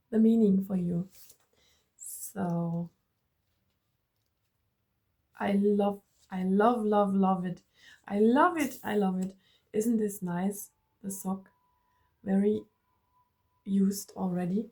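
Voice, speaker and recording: A German-accented woman hosts a card-reading vlog and speaks to her viewers in an unhurried, drawn-out way. Her voice has a gravelly fry, and she gushes warmly, repeating her words and laughing often. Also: medium pitch. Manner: gushing, affectionate, repeats herself excitedly; laughs often while talking. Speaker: tarot and oracle card reader.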